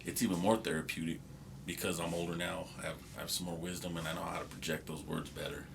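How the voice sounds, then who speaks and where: A man's voice: sits low, little pitch movement, fast talker, gravelly, noisy background. A middle-aged man, a musician guest in a casual interview, talking in a laid-back, reflective way. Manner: laid-back and reflective, often adds "you know what I mean". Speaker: guest, reggae and hip hop artist.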